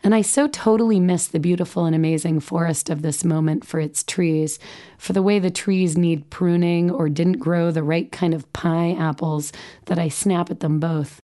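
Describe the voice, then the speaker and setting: A woman in her forties reads her memoir aloud, wry and self-deprecating. Her voice is low for a woman and mellow. She keeps a warm, unhurried reading tone. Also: fairly even intonation. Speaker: memoir narrator, mother. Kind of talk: audiobook memoir narration.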